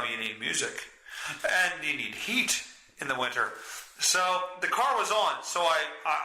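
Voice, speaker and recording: Animated swearing man, echoey room. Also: sits high. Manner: animated, swears constantly, laughs through his story. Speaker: podcast host. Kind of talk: crude casual storytelling.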